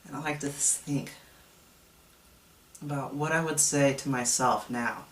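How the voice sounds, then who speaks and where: Man in his thirties, slow confessional testimony, mic set back in a roomy space. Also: mid-range voice, fairly even intonation, a bit bright. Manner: reflective, confessional storytelling. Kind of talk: personal testimony vlog. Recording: echoey room, mic at a distance.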